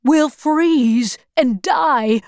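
A woman reading aloud, voicing a grim, weary gray-haired old man who speaks gravely. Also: high-pitched, extremely slow, a little mellow, dry recording, studio quality, full character voice.

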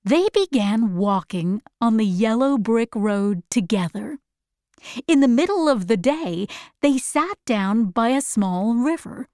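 A woman reading a children's story aloud slowly and clearly, as a read-aloud for learners. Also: fairly high pitch, no room sound, clean studio sound. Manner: very slow, clear, even reading.

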